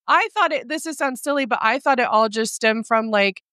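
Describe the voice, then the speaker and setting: A woman's voice: fairly high pitch, a little fast, bright, forceful tone, no echo, studio quality. Woman telling a story with dramatic self-quotes. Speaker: podcast guest. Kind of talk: casual podcast chat.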